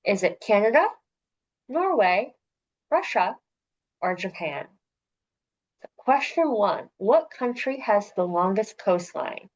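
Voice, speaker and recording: A woman's voice: mid-range voice, big pitch swings, slow pace, long pauses, dull audio. A woman hosting a trivia night, reading each multiple-choice question and its options twice, with light jokes. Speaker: trivia quiz host.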